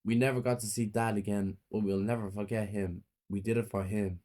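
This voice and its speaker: A man narrating a first-person horror story in a plain, flat reading. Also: fairly low pitch, brisk.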